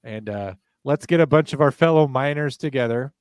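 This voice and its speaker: A man's voice: mid-range voice, moderate pace, a little mellow, smooth, dry recording. A man co-hosting a true crime podcast in casual chat, full of dry mock-serious jokes. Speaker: podcast co-host.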